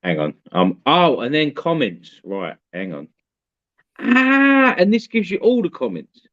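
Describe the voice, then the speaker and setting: A man co-hosting a casual livestream, laughing, swearing and shouting out names from the chat. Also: a little high, huge pitch swings, unhurried, no room sound. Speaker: livestream co-host. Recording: slightly dull lo-fi mic.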